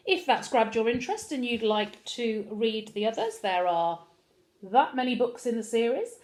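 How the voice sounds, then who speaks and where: Expressive teacher reading aloud. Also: female voice, a little high. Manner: expressive storyteller. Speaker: primary school teacher. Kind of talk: reading a children's book aloud.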